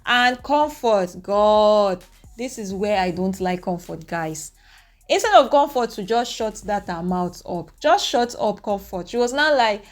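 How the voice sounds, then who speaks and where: A young woman, recapping events to her viewers in an animated, opinionated way. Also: mid-range voice, measured pace. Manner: animated, opinionated retelling with acted quotes. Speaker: reaction vlogger. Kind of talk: casual recap talking to viewers.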